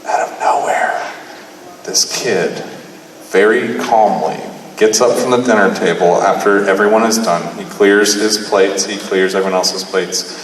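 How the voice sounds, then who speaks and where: A man in his thirties delivers a profane, animated stand-up story and jumps into the voices of the people in it. The live recording picks him up from some distance in a hall with a long, heavy echo. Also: on the low side, unhurried, a crowd in the background. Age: 30s. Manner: profane, animated, acts out dialogue. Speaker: stand-up comedian. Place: live comedy venue. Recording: echoey room, mic far off.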